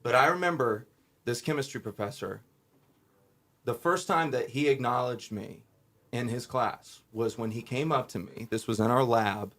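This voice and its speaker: A man in the middle of his range tells stories as a podcast guest. He is animated and acts out the dialogue he quotes. His delivery is casual and full of restarts. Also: medium pitch, moderate pace. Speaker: musician guest. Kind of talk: casual interview storytelling.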